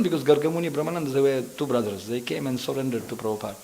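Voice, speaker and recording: A man's voice: mid-range voice, fairly even intonation, quick pace, low-quality recording. A man preaching a sermon in a temple who tells stories animatedly, acts out characters and laughs often. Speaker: visiting preacher. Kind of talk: sermon with storytelling. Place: temple hall.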